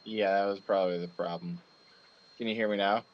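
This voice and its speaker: A man's voice: lowish voice, fairly even intonation, a little fast, dull audio. A man live-streaming, chatting playfully and repeating catchphrases. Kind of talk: casual chat.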